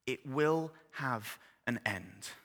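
A man delivering a sermon in a bright, ringing voice that rises to loud, passionate climaxes. He drops to hushed, almost whispered tones when reading scripture. His words trail off into the long reverb of a large hall. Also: medium pitch, animated, extremely slow. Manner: swings from loud impassioned build-ups to hushed, near-whispered scripture reading. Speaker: preacher. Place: church hall.

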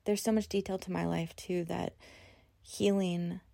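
Middle-aged woman host, earnest confessional podcast delivery, low gravelly warm voice, flat even intonation, dry close sound. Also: a little slow, no echo. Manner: earnest, emotional, with many restarts. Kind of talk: personal testimony podcast.

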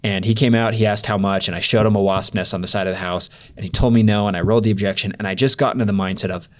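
Male podcast guest, very low voice, candid and rambling storyteller. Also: fairly even intonation, very fast. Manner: rambling, filler-heavy, candid. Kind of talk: storytelling in a casual interview.

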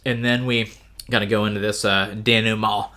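A man's voice: lowish voice, flat delivery, moderate pace, sharp tone. A man co-hosting a casual book-discussion podcast, talking in a wry, rambling way with plenty of fillers. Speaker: podcast co-host.

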